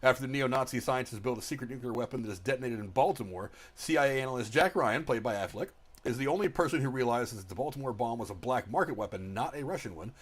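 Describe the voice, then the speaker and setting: A man's voice: medium pitch, fast talker, breathy edge. A man hosting a casual movie review show, chatty, laughing easily and restarting his sentences often. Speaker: podcast host.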